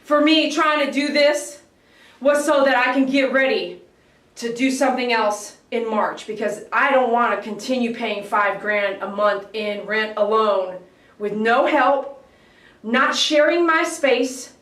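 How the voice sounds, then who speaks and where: A high-voiced woman chats on a live stream from her grooming salon, telling animated stories and acting out barking dogs. The room rings with echo, and she sits a little back from the mic. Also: a little slow, recorded from a distance. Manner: animated storytelling, imitates barking dogs, laughs often. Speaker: dog groomer. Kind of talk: casual livestream chat.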